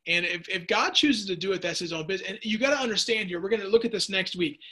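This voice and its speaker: A man's voice: sits high, fast, pushed and bright. A man leading a casual Bible study lesson, chatty and joking, answering viewers' typed questions. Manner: chatty, jokey asides, restarts mid-sentence.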